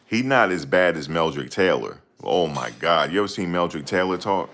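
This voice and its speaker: A man's voice: low-pitched, animated, moderate pace, few pauses, fairly bright tone. A man hosting a casual stream, reading and answering chat comments in a rambling, slangy way. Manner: rambling, slangy, laughs a lot.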